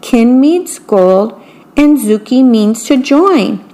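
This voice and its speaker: A kind, calm old grandmother in a storybook reading, voiced by a woman narrator. She speaks slowly and gently, always reassuring. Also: fairly high pitch. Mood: explaining.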